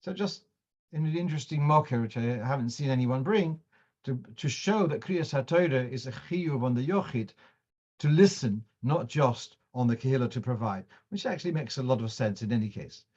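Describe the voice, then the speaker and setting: Male teacher giving a Jewish law class, mid-pitched, explains with examples, muffled recording. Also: lively intonation, moderate pace, darkish tone. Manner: explanatory, digressive, uses examples; mixes in Hebrew and Yiddish terms.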